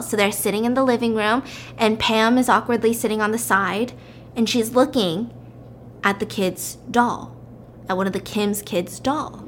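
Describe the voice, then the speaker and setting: A woman casually telling a story in a chatty, lively way. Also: fairly high pitch, moderate pace, slight background noise. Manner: chatty, lively, jumps into character voices.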